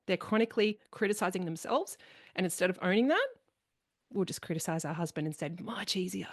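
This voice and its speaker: A woman's voice: fairly low pitch, expressive, a little fast. A woman hosting a podcast in casual conversation, talking animatedly and acting out the people she quotes. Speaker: podcast host.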